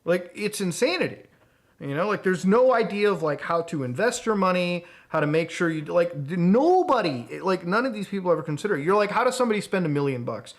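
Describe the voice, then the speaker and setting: High, lively-voiced ranting male streamer. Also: brisk. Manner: profane, exasperated ranting with mocking outbursts. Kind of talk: casual livestream rant.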